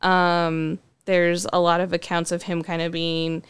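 A woman chats casually and thoughtfully, often hedging with "um" and "like". Her voice is slightly low and very clear. It is recorded close and dry, with no room sound. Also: monotone, a little slow, no echo. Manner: thoughtful, hedging with frequent ums and likes. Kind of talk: casual conversational chat.

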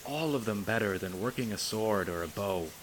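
A man voicing a gentle grieving princess. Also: fairly low pitch, lively intonation, moderate pace, a little hiss or hum, natural voice, poor audio. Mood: gently comforting. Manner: soft, comforting, coaxing. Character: grieving young princess, gentle and steady older sister.

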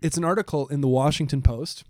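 A man co-hosting a casual podcast, joking with his co-host and reading quotes aloud at a slow pace. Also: on the high side, steady tone, darkish tone, no echo, studio quality. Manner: reads quotes aloud slowly, jokey. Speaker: podcast co-host, biblical studies teacher.

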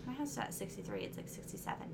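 A woman co-hosting a casual podcast, animated and quick to laugh. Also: medium pitch, gravelly, background noise. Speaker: podcast co-host. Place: apartment room with friends.

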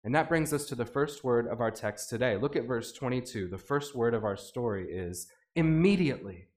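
A man preaching a sermon in an animated way, acting out the voices he quotes. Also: medium pitch, fairly quick. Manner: animated, acts out quoted voices with rising intensity. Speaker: pastor.

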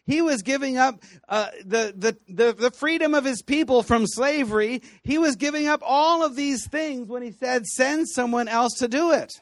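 Animated high-voiced male Bible teacher. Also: moderate pace, few pauses, no echo, studio quality. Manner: animated storytelling, acting out voices with laughs. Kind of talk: lively teaching talk to students.

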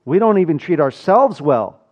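A man from South Africa preaching a sermon, rising loud for emphasis and dropping to a hushed low voice. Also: expressive, measured pace. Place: church. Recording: dull lo-fi sound.

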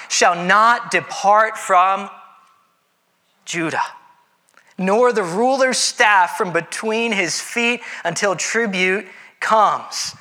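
A man preaching a sermon in a conversational way, with dramatic pauses and playful voiced asides. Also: high voice, sharp tone. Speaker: pastor.

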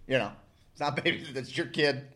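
A man's voice: mid-range voice, quick pace. A man co-hosting a casual podcast, telling stories with plenty of swearing and acting out the people he quotes. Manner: animated storyteller, swears a lot, acts out quoted people. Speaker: podcast co-host. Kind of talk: casual chat.

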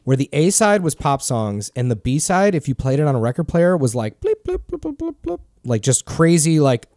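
A man's voice: mid-range voice, lively intonation, fairly quick, mellow, no echo, clean studio sound, faint music behind. A man co-hosting a podcast, rambling through a story in loose casual chat and swearing freely. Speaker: podcast host.

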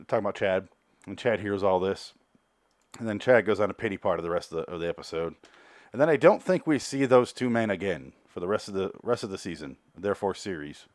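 A man's voice: low-pitched, fairly quick, no echo. Sarcastic man rambling through a TV recap. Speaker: TV recap host. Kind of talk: casual TV episode recap.

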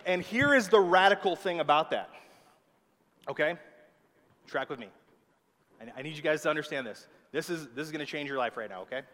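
A man's voice: a little high, expressive, brisk, long pauses, fairly bright tone. A man preaching a sermon with emphatic delivery, often checking in with his listeners. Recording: long hall reverb.

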